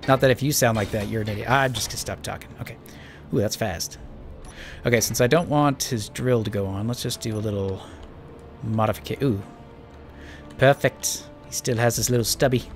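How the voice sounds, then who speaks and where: A man's voice: medium pitch, a little fast, faint music behind. A man giving casual, rambling let's-play commentary while playing a space building game, joking at his own expense. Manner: chatty, rambling, self-mocking. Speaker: gaming channel host.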